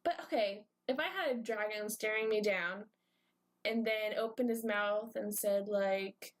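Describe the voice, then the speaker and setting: A woman's voice: medium pitch, measured pace. A woman co-hosting a casual comedy podcast who reads book blurbs aloud and laughs at herself. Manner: giggly, self-deprecating. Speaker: podcast co-host.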